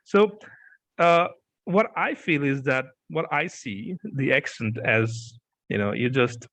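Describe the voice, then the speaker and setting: A man's voice: medium pitch, slow pace, no echo, poor audio. Chatty male interview host, dry sound. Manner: animated, laughs often, repeats "yeah" and "okay". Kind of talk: interview, casual chat.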